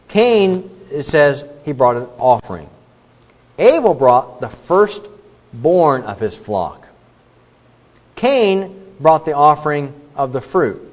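A man preaching a sermon in an animated, questioning manner, with asides to the congregation. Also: medium pitch, takes it slowly. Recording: dull recording with long hall reverb.

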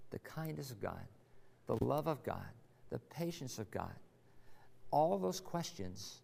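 A man's voice: medium pitch, vocal fry, a little mellow. A man preaching a sermon as pastor, earnest and building to emphatic rhetorical questions. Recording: long reverb of a large hall.

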